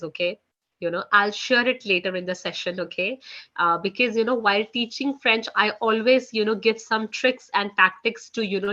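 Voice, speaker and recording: A woman's voice: medium pitch, bright, forceful tone, highs cut off. A woman teaching French in a live online class, chatty, leaning on "you know" and "guys". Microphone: video call.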